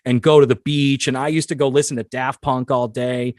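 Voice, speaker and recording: A man hosting a casual interview, telling stories in an animated way, acting out quotes and swearing freely. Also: medium pitch, fairly quick, dry recording, studio quality. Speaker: host.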